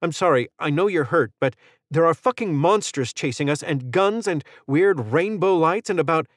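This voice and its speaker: A frightened, foul-mouthed young woman, as a male narrator puts her on, her voice lifted well above his own low register. She snaps and swears in a dry, close audiobook read. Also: very animated, moderate pace, no echo. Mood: exasperated. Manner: swears, snappish.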